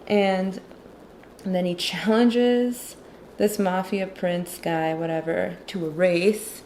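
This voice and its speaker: Sarcastic low-voiced woman with vocal fry. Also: steady tone, slow, a little mellow, slight background noise. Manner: sarcastic, chatty, heavy use of "like". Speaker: illustrator and movie commentator. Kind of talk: casual chat while drawing.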